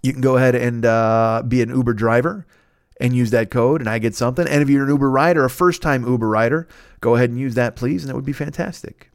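A man's voice: mid-range voice, fast talker, dry recording. A man in his forties hosting a podcast, rattling off plugs in a loose, rambling way with plenty of swearing and jokes at his own expense. His voice is dry and close to the mic, with no room sound. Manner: rambling, profane, self-mocking. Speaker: podcast host. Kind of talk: casual plugs and shout-outs.

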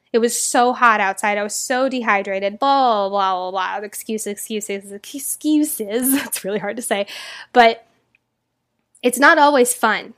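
A woman's voice: a little high, fairly bright tone. A young adult woman hosting a motivational podcast, talking in an earnest, emotional and gushing way. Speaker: podcast host.

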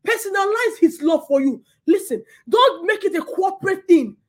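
A woman's voice: very high voice, expressive, normal speed. A woman preaching a sermon with passion, who repeats her words and swings between laughter and near tears.

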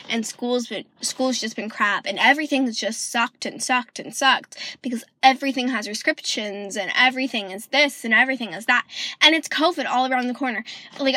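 Chatty young woman, rambling and bright. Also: a little high. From Michigan. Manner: rambling, lots of ums, slips into a British-sounding lilt. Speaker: vlogger. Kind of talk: casual vlog chat.

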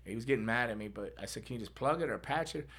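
Middle-aged male podcast host, gravelly and bright, casual storyteller who laughs and acts out other voices. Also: mid-range voice, rapid-fire.

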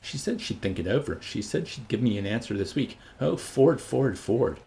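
A man's voice: lowish voice, lively intonation, fairly quick, a little mellow. A man reading an audiobook voices a bitter, jealous young man in an agitated, resentful tone. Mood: seething.

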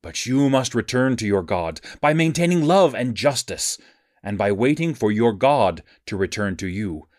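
A man's voice: mid-range voice, dry recording. Man reading scripture in a dry, close voice. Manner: measured, even reading cadence. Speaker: scripture reader.

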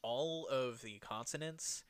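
A man's voice: mid-range voice, takes it slowly, smooth, no echo. A man in casual chat, talking loosely, swearing often and laughing a lot.

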